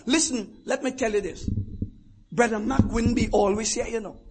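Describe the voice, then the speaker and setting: Older male preacher with a very high voice, fervent, dropping to murmurs then shouting. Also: normal speed, slightly rough. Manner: fervent, swinging from hushed asides to shouted declarations. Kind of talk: sermon.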